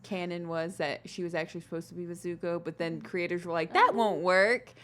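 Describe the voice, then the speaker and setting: A woman's voice: fairly low pitch, steady tone, brisk, fairly bright tone. A young woman co-hosting a college radio show, chatting about a cartoon in a playful, giggly way in a small booth on a studio microphone. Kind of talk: casual fan chat.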